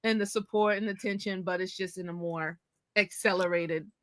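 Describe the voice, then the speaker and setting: A woman's voice: fairly low pitch, fairly even intonation, moderate pace, fairly bright tone, no room sound. A woman co-hosting a live podcast, chatting casually and telling easygoing stories. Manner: easygoing storyteller, acts out quotes.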